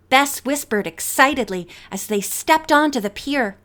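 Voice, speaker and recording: A woman narrating an audiobook with a measured, expressive reading. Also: high voice.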